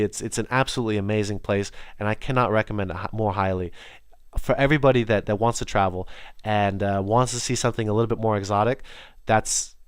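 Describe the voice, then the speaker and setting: A man's voice: fairly low pitch, smooth, no echo, clean studio sound. A young man hosting a podcast, talking alone in a casual, enthusiastic, rambling way with many restarts. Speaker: podcast host. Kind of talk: casual solo monologue.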